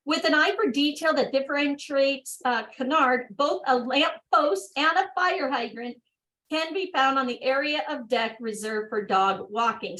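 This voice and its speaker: A woman hosting an online workshop over a video call. She reads training material aloud at a brisk clip and breaks off for upbeat, chatty asides. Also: high-pitched, a bit bright, rough recording. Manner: brisk reading broken by upbeat exclamations. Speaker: workshop host.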